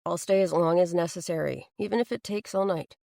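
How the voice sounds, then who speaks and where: A woman reading the lines of a gentle, protective teenage boy in an audiobook, speaking softly and reassuringly. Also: lowish voice, a little fast, vocal fry, no echo.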